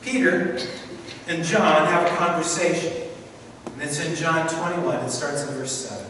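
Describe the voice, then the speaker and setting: A man's voice: fairly high pitch, moderate pace, a bit bright. A middle-aged man, a pastor, preaching a sermon and telling the story vividly, acting out the voices of its people. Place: large church hall. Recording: echoey hall from far off, faint noise.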